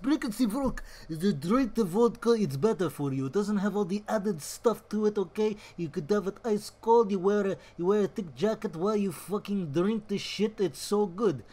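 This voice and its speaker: A man putting on a heavy Russian accent to play a gruff, boastful Russian man. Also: high-pitched, expressive, normal speed, hardly any pauses, warm tone, voice pushed up, low-quality recording. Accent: Russian (put on). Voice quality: thick mock-Russian delivery.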